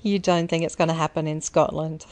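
A woman's voice: deep voice, level tone, a little fast, a little mellow. A woman co-hosting a podcast in casual chat, throwing in dry, teasing quips and laughing. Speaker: podcast co-host.

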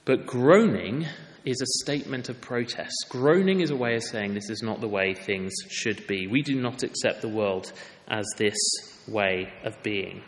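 A man's voice: lowish voice, unhurried, long reverb tail. A man preaching a sermon in a church, with an earnest, conversational and emphatic way of speaking.

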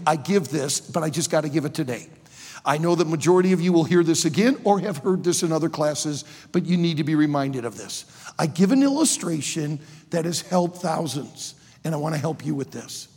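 Animated preacher man in a reverberant hall. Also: on the high side, husky. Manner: emphatic, animated preaching with sudden loud outbursts. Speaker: preacher and college teacher. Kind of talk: sermon to students.

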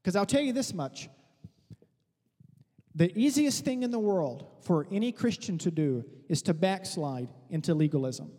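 A man pastor preaching a sermon in an animated, conversational way, with teasing asides to his congregation. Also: high-pitched, moderate pace, slightly rough, long reverb tail.

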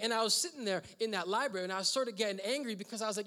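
High, bright-voiced male pastor preaching. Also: expressive, very fast, hardly any pauses. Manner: conversational, many "uh" fillers. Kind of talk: sermon storytelling. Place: church hall. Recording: reverberant hall.

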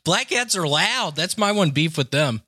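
A man from Tennessee chatting casually on a podcast, making goofy deadpan jokes and laughing easily. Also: on the high side, moderate pace, breathy edge, no room sound, clean studio sound. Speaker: comedian guest.

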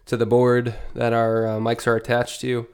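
Nasal-sounding man, smooth and even. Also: mid-range voice, normal speed. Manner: relaxed, hesitant with many fillers. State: nasal from allergies. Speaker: podcast co-host. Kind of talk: casual chat.

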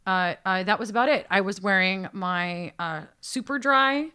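A woman casually telling a lively travel story in conversation, self-mocking and full of fillers. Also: medium pitch, normal speed, clear, resonant tone.

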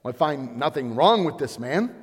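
A man's voice: mid-range voice, expressive, moderate pace, slightly rough, big-room sound. A man voicing a stern, weary Roman governor who declares his verdict in a raised, pleading way. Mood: questioning.

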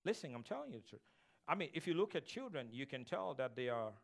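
A man's voice: on the high side, sing-song, fast, gravelly. A man pastor preaching a sermon in a church sanctuary, emphatic and repetitive, calling on the congregation to repeat after him.

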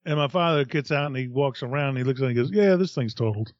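A middle-aged man, a podcast co-host, telling a profane, animated story in casual chat. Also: medium pitch, rapid-fire, no room sound, lo-fi sound.

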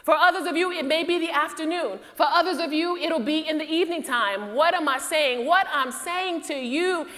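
High-voiced woman preaching in a hall. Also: normal speed, few pauses, sharp tone. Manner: testimony-style preaching, emphatic, repeats points. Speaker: Navy chaplain and preacher. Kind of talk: sermon. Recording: long reverb of a large hall.

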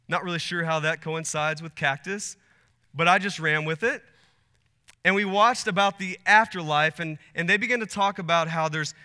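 A pastor in his thirties preaches a sermon in a fairly high, bright, forceful voice. He's earnest, building up to emphatic peaks, and the recording carries a long hall reverb.

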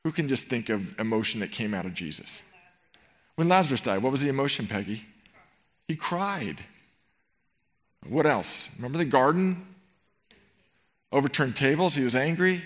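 A middle-aged man preaching a sermon in a church, animated and rhetorical, swinging between loud emphasis and quiet tenderness. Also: mid-range voice, normal speed, long pauses. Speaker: pastor. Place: church sanctuary.

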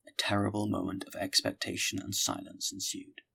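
Deep gravelly male narrator. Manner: measured, steady reading. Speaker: audiobook narrator. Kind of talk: scripted audiobook narration.

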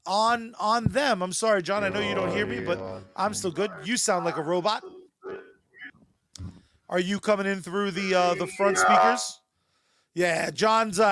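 A man's voice: high voice, a bit bright, no room sound, studio quality. A man co-hosting a podcast in a casual, joking way, with a sponsor read. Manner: loose, joking, fills with "uh". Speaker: podcast co-host.

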